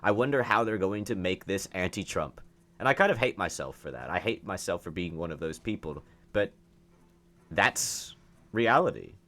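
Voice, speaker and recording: A young man with a fairly low voice speaks in a heated opinion monologue. He turns sarcastic and indignant, often restarting and repeating words as he argues his point. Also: expressive, moderate pace, bright, forceful tone. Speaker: political commentary YouTuber.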